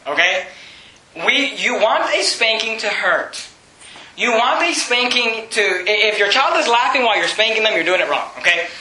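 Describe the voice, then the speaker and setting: A man preaching a sermon as pastor, emphatic and often shouting, with chuckles between points. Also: high-pitched, lively intonation, normal speed, slight background noise. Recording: roomy echo.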